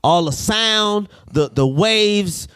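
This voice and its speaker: A man co-hosting a podcast, telling a long story in a rambling, profane, animated way. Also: high-pitched, takes it slowly, clean tone, no room sound, studio quality. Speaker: podcast co-host. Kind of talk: casual storytelling chat.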